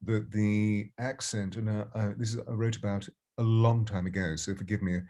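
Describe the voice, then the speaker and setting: A man's voice: fairly low pitch, little pitch movement, moderate pace, warm tone. An older man, a voice and presence coach, giving expansive and reflective interview answers.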